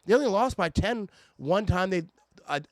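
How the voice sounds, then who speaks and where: A man's voice: sits high, animated, normal speed, no echo. A man in a casual, irritated fan rant about his team, stammering and restarting often. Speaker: sports fan vlogger.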